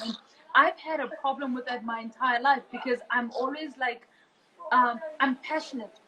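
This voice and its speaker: A woman's voice: sits high, steady tone, normal speed, crowd noise, rough recording. A woman hosting a podcast interview, speaking earnestly and encouragingly as she builds on her guest's thoughts. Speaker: podcast host. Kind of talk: reflective interview conversation.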